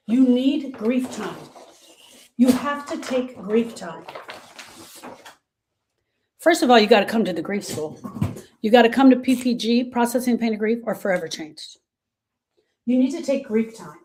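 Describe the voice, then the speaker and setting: A woman's voice: fairly high pitch, normal speed, pauses often. Emphatic woman grief coach. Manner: emphatic and repetitive, swinging between soft and loud; addresses listeners as "girl". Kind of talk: motivational talk to viewers.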